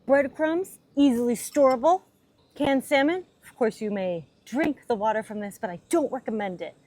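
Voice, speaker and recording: A woman's voice: fairly high pitch, lively intonation, normal speed, a little mellow. A young adult woman hosting a casual cooking vlog, chatty and playful as she demonstrates outdoors. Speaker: host. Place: outdoors at a cabin.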